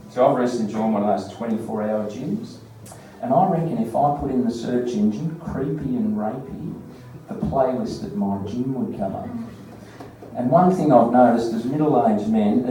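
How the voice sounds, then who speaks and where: A man's voice: medium pitch, warm tone. A man with an Australian accent doing a crude stand-up comedy set, telling stories with mocking voices. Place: comedy bar stage. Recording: very echoey bar, distant mic.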